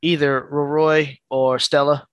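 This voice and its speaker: A man playing a tabletop role-playing game, talking casually and thinking out loud in halting bursts. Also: fairly high pitch, level tone, no room sound. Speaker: player.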